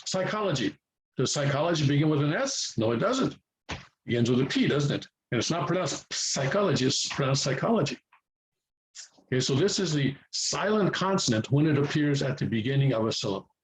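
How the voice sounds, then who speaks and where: A native English-speaking man giving a language lesson, repeating himself often and pausing with fillers as he explains. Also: a little high, big pitch swings, low-quality recording. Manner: repeats words, many fillers and restarts. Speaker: language teacher. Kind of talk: explaining at a whiteboard-style lesson.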